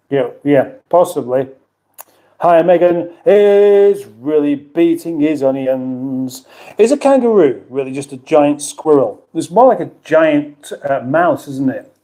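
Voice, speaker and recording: A middle-aged British man runs a casual livestream in a warm, slightly high voice. He meanders through self-deprecating chatter and reads viewer comments out loud.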